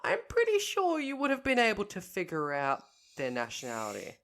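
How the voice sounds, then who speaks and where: A woman's voice: mid-range voice, huge pitch swings, fairly quick, a bit bright. A woman co-hosting a podcast, telling a history story point by point in a casual way and correcting herself as she goes. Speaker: podcast co-host.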